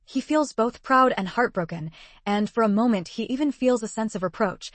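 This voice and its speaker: A woman reading a story aloud as narrator, in an even, steady scripted style. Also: on the high side, moderate pace, no echo.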